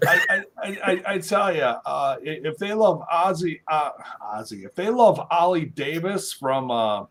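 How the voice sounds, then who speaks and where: Male podcast co-host, a bit high-pitched, stop-start casual delivery, lots of fillers. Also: lively intonation, a little slow, slight background noise. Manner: hesitant, many fillers and restarts. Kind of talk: casual chat.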